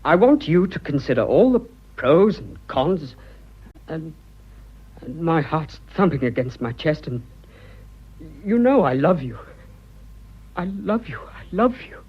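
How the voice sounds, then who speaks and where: A man's voice: fairly high pitch, very animated, a little slow, long pauses, husky, highs cut off, exaggerated voice. An actor playing an earnest, flustered young businessman declaring his love, stammering in clipped upper-class British speech in a radio drama.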